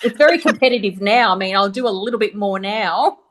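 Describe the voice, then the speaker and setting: A woman's voice: mid-range voice, fairly quick, fairly bright tone. A woman being interviewed as a podcast guest, a former reality TV contestant, speaking emphatically and acting out quotes as she tells her stories. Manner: emphatic, defiant storytelling with acted-out quotes. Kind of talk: casual conversational interview.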